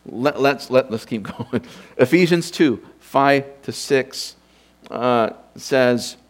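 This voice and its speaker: Speaking slowly at a medium pitch, this male preacher teaches doctrine from scripture without a script. He works through ideas out loud and keeps asking his audience rhetorical questions.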